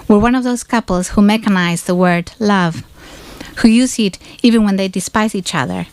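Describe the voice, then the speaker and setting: A woman reading a novel excerpt aloud at a bookshop event, in a measured, deliberate first-person delivery. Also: medium pitch, fairly even intonation, darkish tone, clear, resonant tone, dry recording.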